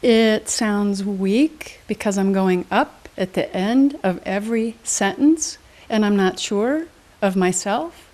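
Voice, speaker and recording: Energetic woman, motivational speaker. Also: medium pitch. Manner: energetic, teaching with examples and questions. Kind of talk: interview guest explaining.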